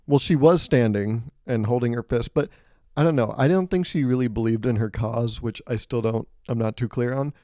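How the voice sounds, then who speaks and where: A man hosting a solo comedy podcast, telling animated, self-mocking stories and laughing mid-sentence. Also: medium pitch, moderate pace, no echo, clean studio sound. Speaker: podcast host.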